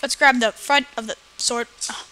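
A woman giving excitable let's play commentary, often yelling at the game. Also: fairly high pitch, moderate pace. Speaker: gamer. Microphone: personal computer mic.

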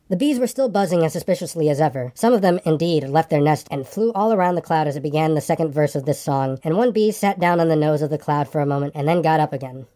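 A woman narrating a storybook reading with a calm, gentle manner. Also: low voice, fast talker, few pauses.

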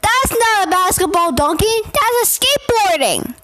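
A woman giving casual gameplay reaction commentary, excitable and blunt, scolding the game and breaking into shouts. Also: very high voice, moderate pace, no room sound. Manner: excitable, bursts into shouts and gasps.

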